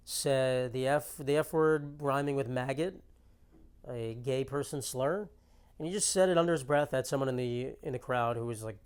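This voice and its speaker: A man's voice: mid-range voice, clear, resonant tone. A man hosting a podcast, talking in a rambling casual monologue loaded with "like" fillers. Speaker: podcast host.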